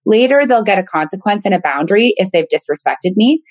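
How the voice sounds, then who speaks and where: A woman telling candid, animated personal stories in a casual podcast conversation. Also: medium pitch, a little fast, no echo.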